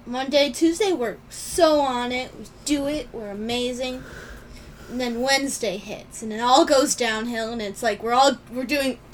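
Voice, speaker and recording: A woman's voice: fairly high pitch, normal speed, recorded from a distance, slight background noise, low-quality recording. A young woman co-hosting a podcast, rambling and giggly in casual chat, her voice a little sore and strained. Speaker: podcast co-host.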